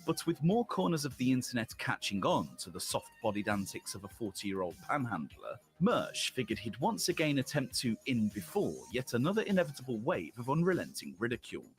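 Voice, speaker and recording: Male narrator, scripted and sardonic, lively pitch swings, ornate phrasing. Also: brisk, few pauses. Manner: sardonic, elaborate wording. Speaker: documentary narrator.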